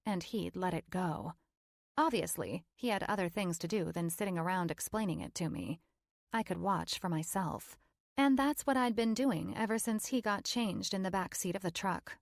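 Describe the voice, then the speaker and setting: A woman's voice: lowish voice, vocal fry, no room sound, studio quality. A woman narrating a first-person romance audiobook in a wry, playful storytelling manner.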